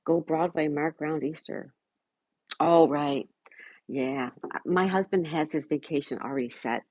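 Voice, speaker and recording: Husky low-voiced woman chatting on a live stream. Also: lively intonation, unhurried, a little mellow, no echo, low-quality recording. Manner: chatty, greets viewers by name, affectionate. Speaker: livestream host reading chat. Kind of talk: casual live-stream chat.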